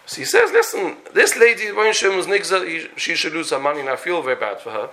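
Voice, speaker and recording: A man's voice: on the high side, very animated, a little fast, few pauses, sharp tone, a little hiss or hum. A man telling a long story in a Torah lecture, acting out the characters and sprinkling in Yiddish and Hebrew terms. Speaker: Torah teacher.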